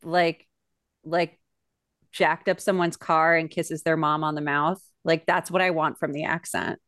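A woman's voice: deep voice, little pitch movement, unhurried, fairly bright tone, dry recording, clean studio sound. Gushing young woman podcast host. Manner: chatty, gushing, lots of fillers. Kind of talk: casual chat.

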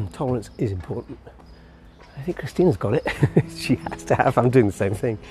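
A man's voice: medium pitch, expressive, moderate pace, dark tone, faint music behind. A man walking his dog outdoors, thinking aloud in a rambling, musing monologue with restarts and chuckles. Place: outdoors on a street walk.

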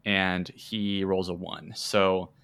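Low, bright-voiced game master. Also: male voice, little pitch movement, slow pace, clean tone. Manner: hesitant, many fillers, playful. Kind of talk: narrating a tabletop game.

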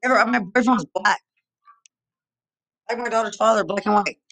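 A woman's voice: medium pitch, moderate pace, a bit bright. A woman from Texas delivering an angry, rambling monologue full of repeated accusations and profanity. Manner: agitated, accusatory, repetitive, profane.

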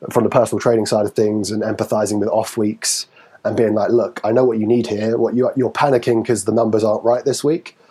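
A man with a Geordie accent chatting casually as a fitness podcast co-host, acting out quotes in sudden high voices. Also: a little fast, slightly rough. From Newcastle, England. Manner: animated, acts out quotes with sudden high pitch. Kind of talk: casual chat.

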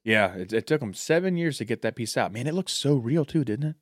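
A man with a Southern American accent co-hosting a podcast in casual chat, loose and profane, joking around and now and then breaking into loud mock voices. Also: mid-range voice, expressive, a little fast, dry recording, clean studio sound. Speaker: podcast co-host.

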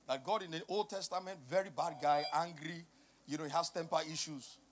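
A middle-aged male pastor preaching a sermon, passionate and emphatic, moving from quiet teaching to loud, shouted emphasis. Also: on the high side, fairly quick, slight background noise.

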